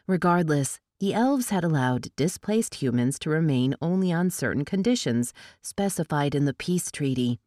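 Brief: low-pitched woman, audiobook narrator; steady and measured, dry close mic. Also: no room sound. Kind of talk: scripted narration of a novel.

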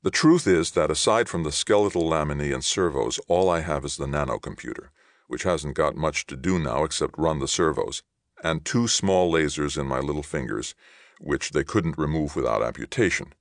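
Easygoing young returning soldier, read by a man, deep gravelly voice, mild. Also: animated, moderate pace, dry recording, studio quality. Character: young male soldier home, friendly and patient.

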